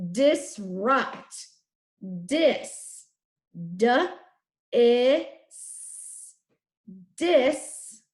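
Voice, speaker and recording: A woman teacher leading a children's phonics lesson, sounding out letters and syllables slowly and clearly. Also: high-pitched, sharp tone. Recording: echoey room.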